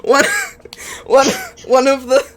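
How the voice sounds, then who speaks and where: A woman's voice: sits high, little pitch movement, slow, very noisy. A woman narrating as game master for a tabletop game with friends, laughing often as she tells the story. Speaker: dungeon master.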